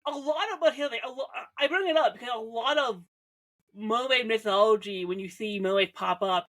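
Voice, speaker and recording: A woman's voice: fairly high pitch, fairly quick, a bit bright. Rambling young woman reviewing TV. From Canada. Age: young adult. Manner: chatty, self-interrupting, heavy on "like", jokey asides. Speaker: TV show reviewer.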